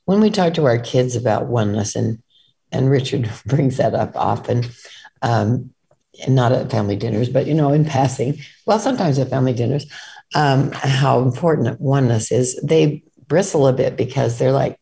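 A woman's voice: very deep voice, normal speed, creaky, dark tone. A middle-aged woman co-hosting a talk, speaking earnestly in a casual way and sometimes reading passages aloud. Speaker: co-host.

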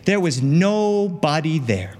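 A man voicing a spoiled young princess in a fairy tale, raising his voice to a pleading, high tone. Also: animated, takes it slowly, darkish tone, long reverb tail. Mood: evasive. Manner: pleading then dismissive, high-pitched.

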